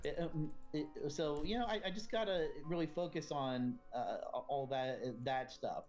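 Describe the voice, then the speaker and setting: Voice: medium pitch, moderate pace, darkish tone, soft background music, close to an everyday voice. A player voicing a shy teenage boy who stammers and hesitates a lot. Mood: awkward.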